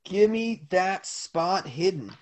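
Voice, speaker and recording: Rambling male game master, slightly high. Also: animated, slow. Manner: loose, filler-heavy narration. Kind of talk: narrating a tabletop game.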